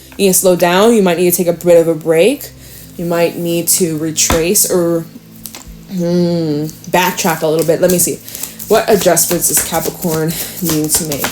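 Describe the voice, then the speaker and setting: A woman giving a casual, frank tarot reading to her viewers, chatty and quick to swear and laugh. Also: fairly low pitch. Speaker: tarot reader.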